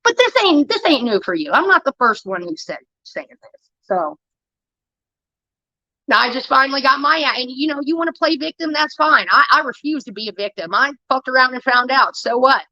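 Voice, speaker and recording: High bright-voiced woman, angry profane streamer rant, dry and slightly dull sound. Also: animated, brisk, no echo. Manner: profane, heated, defensive. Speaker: livestreamer. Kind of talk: angry ranting monologue.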